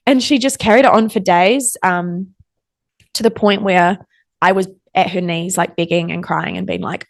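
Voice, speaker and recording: Speaking at a moderate pace in a mid-range voice, this young woman is a guest on a relaxed interview. She rambles through her anecdotes with plenty of "like" and other fillers, performing the quoted back-and-forths she describes.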